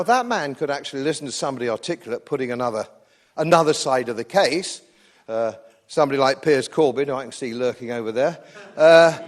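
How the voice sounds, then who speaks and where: A man with an English accent giving a live political speech to an audience, combative and sardonic, hammering points home by repeating phrases. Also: fairly high pitch. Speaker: speaker at a public event.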